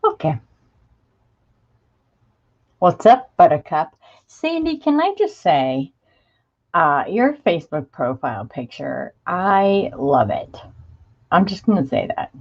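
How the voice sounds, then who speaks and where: Chatty woman crafter, slow and lively. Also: deep voice, creaky, slightly rough, lo-fi sound. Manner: chatty, greets viewers by name, gushing. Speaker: crafting livestream host. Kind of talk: casual live chat while showing craft supplies.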